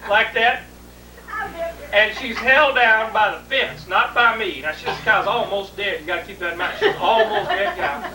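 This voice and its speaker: A woman telling a long humorous story to a live audience in a folksy, drawn-out way. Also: medium pitch, crowd noise. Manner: folksy, drawn-out, vivid retelling. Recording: distant, roomy, noisy 1980s video recording.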